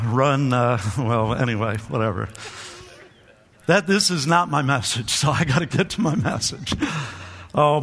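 High-voiced man preaching in a hall. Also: vocal fry, fairly bright tone. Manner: call-and-response preaching, repeats phrases, stammering restarts. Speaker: pastor. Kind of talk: sermon. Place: church hall.

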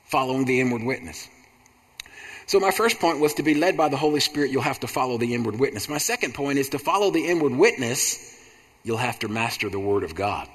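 A man preaching a sermon, his mid-pitched voice carried by the long reverb of a large hall. He repeats his points in a steady, rhythmic cadence and climbs into loud, emphatic bursts. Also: brisk, breathy edge. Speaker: pastor.

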